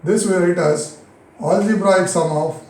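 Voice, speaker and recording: A man with an Indian English accent teaching a physics lesson, repeating key phrases slowly and answering his own questions. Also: high voice, a little mellow, reverberant, low-quality recording. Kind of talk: recorded classroom lesson.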